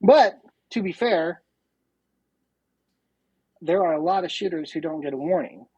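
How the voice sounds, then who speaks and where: A woman's voice: lowish voice, expressive, a little slow, mellow, husky, no room sound, poor audio. A woman guest on a podcast, a chatty, self-deprecating storyteller in casual conversation. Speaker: podcast guest, competitive shooter.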